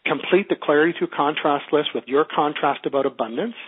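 A man's voice: fairly high pitch, a little fast, breathy edge. A man with a Canadian accent teaching a class by phone, upbeat and coaching, asking the class questions. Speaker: teleclass teacher. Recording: tinny phone line.

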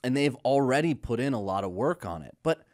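A man's voice: medium pitch, expressive, fairly quick, a little mellow. A man hosting a podcast, affirming his guest and steering the casual chat with questions. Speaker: podcast host.

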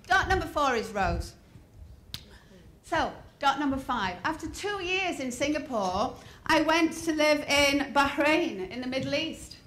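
A woman in her fifties from the north of England, with a softened English accent, giving a lively, humorous motivational talk and asking the audience questions. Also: high-pitched, a little slow. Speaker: speaker. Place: large hall before an audience. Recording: roomy hall with faint crowd ambience.

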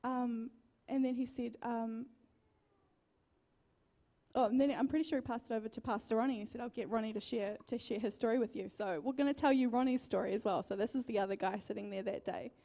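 A woman's voice: on the high side, steady tone, fairly quick, warm tone. A woman with a New Zealand accent sharing a testimony in a church talk, hesitant and searching for her next point. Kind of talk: casual sermon storytelling.

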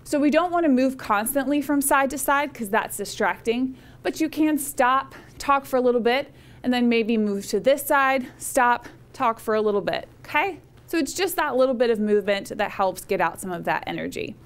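Higher-pitched woman giving a speech lesson. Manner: conversational, encouraging, with many "right?" and "okay?" checks. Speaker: college speech instructor. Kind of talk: recorded lecture.

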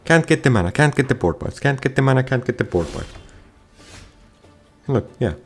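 A man's voice: mid-range voice, lively intonation, moderate pace, soft background music. A man ranting and swearing constantly while playing a card game, frustrated and repeating himself. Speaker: gamer. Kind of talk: ranting gameplay commentary.

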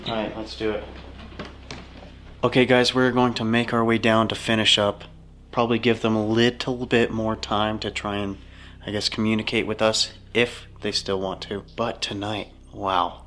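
A man hosting a ghost-hunting vlog, speaking in a hushed, low voice to spirits inside a large old building. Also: level tone, moderate pace. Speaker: paranormal investigator host. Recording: echoey hall with faint noise.

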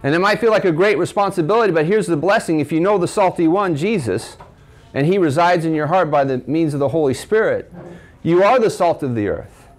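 A man delivers a sermon to a men's breakfast gathering in a cafe. His voice sits a little high and rises and falls with lively energy. He keeps asking his listeners questions and quoting scripture. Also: fairly quick. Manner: preaching with rhetorical questions and scripture quotes. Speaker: speaker at a men's ministry breakfast.

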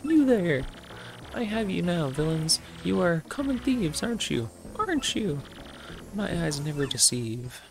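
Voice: mid-range voice, big pitch swings, unhurried, creaky, pitched above the performer's own voice. A gamer voicing a pompous, self-assured sleuth with a haughty, stately delivery. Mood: accusing.

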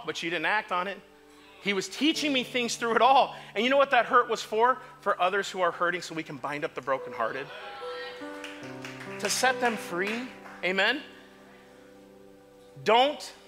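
A male pastor preaching an impassioned sermon in a church, moving from quiet asides to shouts. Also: sits high. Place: church sanctuary.

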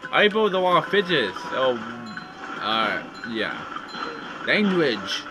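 Excitable man shouting over gameplay. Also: mid-range voice, takes it slowly, over music, low-quality recording. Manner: yells and exclaims at the game. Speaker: let's play gamer.

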